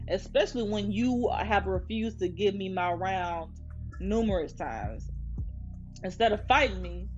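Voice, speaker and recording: Brief: twenty-something woman host, profane animated storytelling, slightly muffled audio, faint music underneath. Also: medium pitch. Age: 20s. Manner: profane, animated venting to listeners. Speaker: podcast host. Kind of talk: casual storytelling rant.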